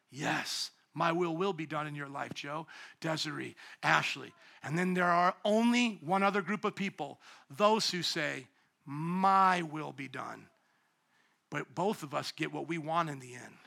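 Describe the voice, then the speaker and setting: A man preaching a sermon as pastor, emphatic, dropping to hushed tones and rising to loud calls to the congregation. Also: a little high, moderate pace, creaky. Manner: call-and-response with congregation.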